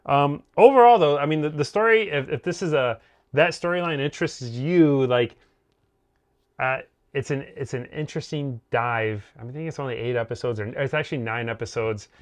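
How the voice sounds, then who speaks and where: A man in mid pitch, neither high nor low, co-hosting a casual TV review chat. He rambles along, piling up fillers and starting sentences over as he thinks aloud. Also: a little fast. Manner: rambling, heavy on fillers and restarts. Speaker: co-host of a TV review show.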